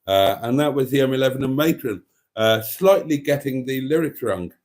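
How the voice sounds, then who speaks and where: Hosting a laid-back livestream chat, this man speaks in a mid-range, darkish voice at normal speed and with plenty of animation. He reads the chat out loud, sings bits of songs, and mutters and groans little asides between comments.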